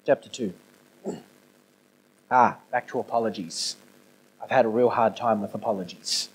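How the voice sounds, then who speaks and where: A male pastor giving a conversational sermon, moving between quiet, intimate passages and raised, emphatic ones. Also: fairly low pitch, moderate pace, breathy edge, poor audio. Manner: conversational preaching with swings from soft to emphatic. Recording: no video, audio only.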